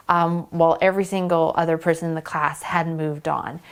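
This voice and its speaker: A young woman telling a personal story to the camera, halting and emotional, with pauses and fillers. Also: fairly low pitch. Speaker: vlogger.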